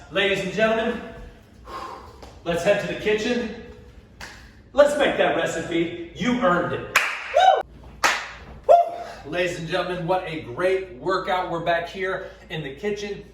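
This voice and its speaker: A young man coaching an upbeat class with a voice a little higher than most men's. He counts reps and keeps checking in with "all right?". He is recorded from a few steps off the mic in a very echoey room, with faint room noise behind him. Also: moderate pace, a bit bright, distant mic. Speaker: PE teacher leading a workout and recipe. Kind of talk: energetic class instruction. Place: indoors, gym then home kitchen.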